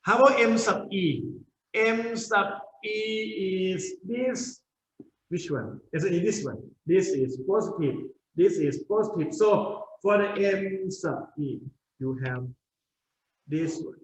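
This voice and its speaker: A man's voice: high voice, takes it slowly, slight background noise. A male university lecturer giving a lecture, explaining step by step and often checking in with "okay?". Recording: roomy, dull lecture recording.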